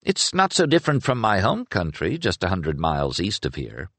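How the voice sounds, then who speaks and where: Man doing a keen young sorcerer guy, eager and reasoning, lively up and down, dry close sound. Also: sits low, moderate pace, no room sound, exaggerated voice. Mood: persuasive. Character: young earnest male sorcerer, curious and persuasive. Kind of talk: audiobook character reading.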